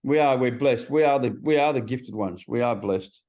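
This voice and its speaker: A middle-aged man with an Australian accent tells his story bluntly over a video call, swearing freely as he goes. His voice sits at an ordinary middle pitch and his tone stays plain and direct. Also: normal speed, darkish tone, lo-fi sound. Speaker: guest in recovery. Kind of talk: casual storytelling chat.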